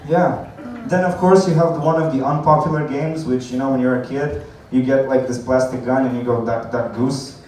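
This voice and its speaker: Rambling stand-up comic in an echoey room. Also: male voice, medium pitch, fairly even intonation, fairly quick, few pauses, a little mellow. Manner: rambling, laughs at his own jokes, swears. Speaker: stand-up comedian. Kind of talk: stand-up comedy set. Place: coffee house open mic night. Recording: echoey room from far off, faint noise.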